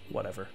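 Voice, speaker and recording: A man streaming a video game, chatting in a rambling, excitable way as he plays. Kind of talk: let's play commentary. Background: faint game music.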